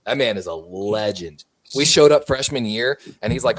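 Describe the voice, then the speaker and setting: A man's voice: lowish voice, lively intonation, moderate pace, hardly any pauses, fairly bright tone, slight background noise. A man co-hosting a sports podcast, telling stories casually, swearing and laughing as he goes. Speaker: podcast co-host. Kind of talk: casual chat.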